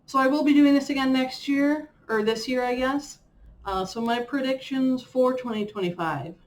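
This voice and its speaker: A woman's voice: high-pitched, normal speed. Chatty young woman vlogging, faint hiss. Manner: chatty, rambling with fillers and playful self-mockery. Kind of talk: casual chat reviewing a personal year.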